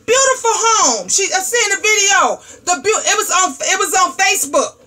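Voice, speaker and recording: A middle-aged woman hosting a livestream talk show, ranting in a loud, profane, sassy storytelling way. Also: very high voice, lively intonation, normal speed. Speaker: host.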